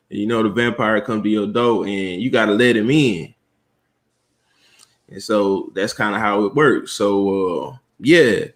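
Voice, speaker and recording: A man from Atlanta, a guest on a livestream, speaking slowly and thoughtfully with many pauses and fillers. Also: mid-range voice. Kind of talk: casual livestream chat.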